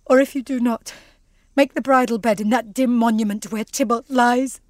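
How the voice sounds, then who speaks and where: A woman's voice: on the high side, fairly even intonation, moderate pace, a little mellow, dry recording, clean studio sound, close to an everyday voice. A woman playing a desperate young noble daughter in a classical drama, pleading and anguished.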